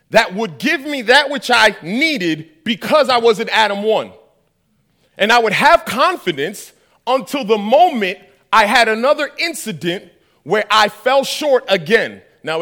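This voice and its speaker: Lively, bright-voiced man preaching. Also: high-pitched. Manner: animated storytelling with acted-out dialogue; asks the audience questions. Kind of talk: sermon.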